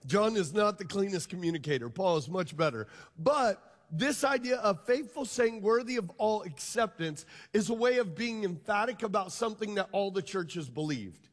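A man's voice: high voice, lively intonation, normal speed, hardly any pauses, long reverb tail. A pastor preaching a sermon to his congregation, emphatic and drawing them into call and response. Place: church hall.

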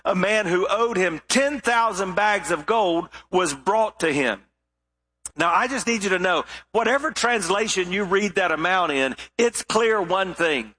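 A male pastor preaching with a high, bright, ringing voice. He tells the story with lively expression and now and then sinks into hushed, weighty emphasis. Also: a little slow, breathy edge. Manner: expressive storytelling delivery with sudden drops to quiet emphasis. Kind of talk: sermon.

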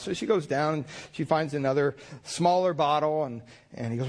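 A male pastor preaches with a slightly raised pitch, telling homey stories. His talk is loose and conversational, full of fillers and restarts. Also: animated, brisk, hardly any pauses. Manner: folksy storyteller, many fillers and repeated words. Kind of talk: sermon.

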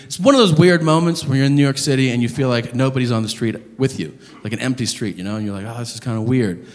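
A man's voice: mid-range voice, fast. A man doing stand-up, telling stories in a brash, profane and incredulous way. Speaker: stand-up comedian. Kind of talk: stand-up storytelling. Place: comedy club stage. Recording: reverberant live club with audience.

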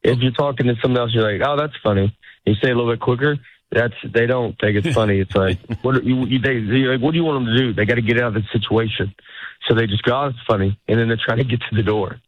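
A man's voice: medium pitch, quick pace, muffled recording. A man who is a stand-up comedian, chatting casually as a guest, rambling and restarting his sentences and laughing often. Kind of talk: casual chat.

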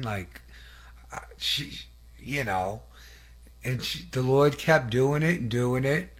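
A man of medium pitch preaching in a loose, conversational way, telling stories of faith. He speaks earnestly, often trailing off and restarting, and asks the listeners for their agreement. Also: slow pace, creaky. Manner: earnest, rambling, with many fillers and restarts; asks the audience for affirmation. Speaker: lay preacher giving testimony. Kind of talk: conversational testimony sermon.

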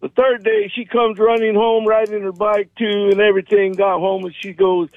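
A male caller telling a joke to a radio host in a chatty, storytelling way. His voice sits high. It comes through dry and thin, as over a phone. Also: flat delivery, moderate pace, few pauses, no echo. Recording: dry tinny phone line.

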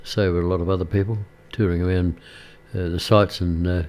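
An older man chats on air from a radio studio, his voice sitting fairly low. He rambles easily, filling pauses with ums and uhs and restarting his sentences as he goes. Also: level tone, darkish tone. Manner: rambling, many fillers and restarts. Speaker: radio presenter. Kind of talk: casual radio chat.

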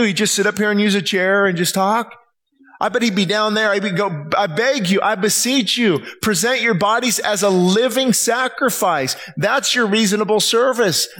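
A man preaching a sermon, pitched high for a man. He acts out scripture quotes with animated emphasis as he speaks to his congregation.

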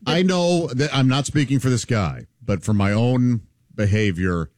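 A man's voice: mid-range voice, measured pace, a little mellow, no echo, clean studio sound. A man co-hosting morning radio, candidly talking about his own past habits in a casual, self-deprecating way. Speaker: radio show co-host.

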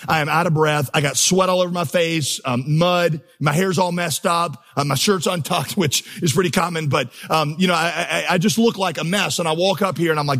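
A man's voice: a little high, a little fast, few pauses, fairly bright tone, soft background music. A man preaching a sermon as pastor, telling stories with humor and building to emphatic, impassioned crescendos. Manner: storytelling, humorous asides.

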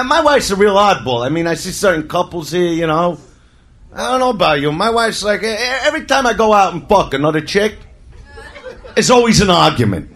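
A man doing crude stand-up, swinging from low mutters to shouts. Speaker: stand-up comedian. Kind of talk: stand-up comedy.

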